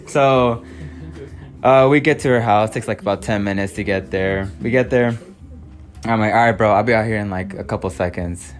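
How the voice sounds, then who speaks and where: A man telling a story among friends in a casual chat, animated, swearing often and laughing. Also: medium pitch, brisk, soft background music. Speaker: storyteller on a podcast.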